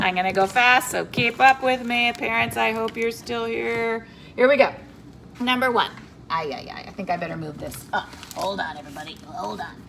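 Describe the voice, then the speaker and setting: A woman teacher giving a video reading lesson to young children and their parents, in an animated, sing-song voice with playful character voices. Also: a little high, gravelly, background noise.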